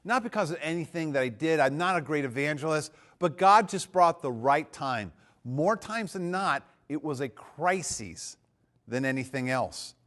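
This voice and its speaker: A man's voice: a little high, moderate pace. A man giving a teaching talk at church, telling personal stories in a conversational way with many fillers and restarts. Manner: animated storyteller.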